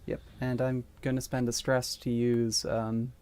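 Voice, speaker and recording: A man's voice: medium pitch, level tone, measured pace, darkish tone, a little hiss or hum. A man playing a tabletop game, asking the game master politely and tentatively. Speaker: player.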